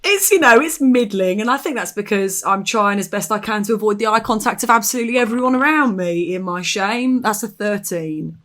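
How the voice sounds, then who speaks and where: A woman's voice: mid-range voice, fairly quick, few pauses, fairly bright tone. A woman playing a character in a live tabletop game, playful and dramatic, often laughing. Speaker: player. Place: live stage.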